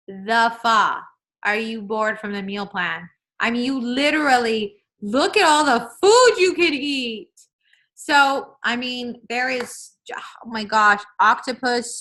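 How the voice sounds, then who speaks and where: A woman, chatting casually in a vlog as a fitness coach, excitable and calling her viewers y'all. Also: fairly high pitch, rough recording. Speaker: fitness coach walking through a meal plan.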